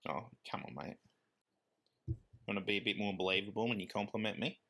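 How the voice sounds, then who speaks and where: A man's voice: on the low side, fairly even intonation, normal speed, pushed and bright. A man, co-hosting a podcast in casual chat, joking and laughing often and slipping into silly voices. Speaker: podcast co-host.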